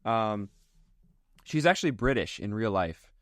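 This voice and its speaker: A man co-hosting a casual movie podcast, describing a film in a relaxed, chatty way. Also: lowish voice, unhurried, dry recording, studio quality. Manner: relaxed, chatty storytelling with many fillers. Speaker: podcast co-host. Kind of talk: casual chat.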